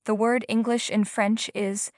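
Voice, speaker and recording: Calm woman explaining a language lesson. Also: mid-range voice, unhurried, dry recording, studio quality. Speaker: language teacher. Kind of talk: scripted lesson prompts and explanation.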